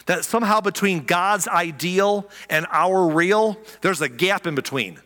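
Man, pastor, lively conversational sermon, slightly high voice, long hall reverb. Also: a little slow. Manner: animated, conversational, repeats for emphasis.

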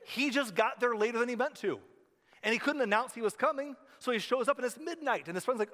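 A male pastor preaching a sermon in a church, conversational and animated, telling stories with asides. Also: very high voice, fast talker. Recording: reverberant hall.

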